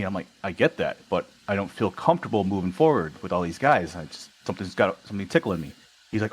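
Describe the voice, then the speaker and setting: A young man from Wisconsin, an army veteran appearing as a podcast guest, tells stories casually and acts out the quoted dialogue with animation. His husky voice sits on the low side and moves at a quick pace. The audio is poor.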